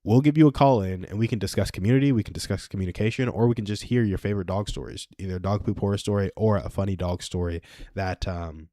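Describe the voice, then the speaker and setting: A man's voice: fairly low pitch, fast talker, dark tone, no echo, studio quality. A man in his twenties hosting a casual solo livestream. He rambles and chuckles at his own stories. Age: 20s. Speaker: livestream host.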